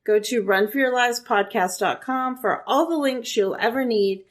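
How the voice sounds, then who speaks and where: A woman's voice: a little high, normal speed. A woman co-hosting a podcast, reading out the show's contact details and asking for reviews. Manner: clear, steady read of contact details. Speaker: podcast co-host. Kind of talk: podcast outro announcements.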